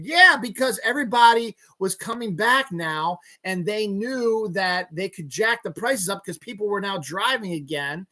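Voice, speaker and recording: A man hosting a solo podcast, ranting angrily with heavy swearing and sudden bursts of yelling. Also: high voice, animated, moderate pace, few pauses. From Eastern United States. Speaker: podcast host. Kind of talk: solo rant.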